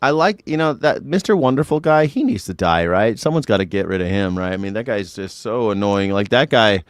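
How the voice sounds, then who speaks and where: A man riffing through a live news reaction show. His pitch jumps all over as he mocks what he hears, with blunt, profane asides. His voice sits in a medium register and sounds close and dry. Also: lively intonation, fairly quick, clean tone, no room sound. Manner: mocking, blunt, jokey asides with swearing.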